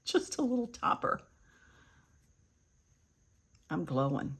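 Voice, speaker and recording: A woman's voice: mid-range voice, animated, unhurried. Older lady chatting through a makeup tutorial, bouncy sing-song voice, calls everyone kids. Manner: chatty, addresses viewers as kids, drifts into soft murmurs. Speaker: beauty vlogger.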